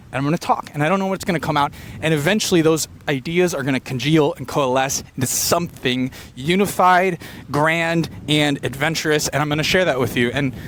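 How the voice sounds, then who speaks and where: Man, rambling comedy monologue, fast tangents, slightly raised pitch, faint ambient noise outdoors. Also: a bit bright. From Filipino heritage. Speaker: comedian podcaster. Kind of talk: unfiltered stream-of-consciousness monologue. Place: beach location outdoors.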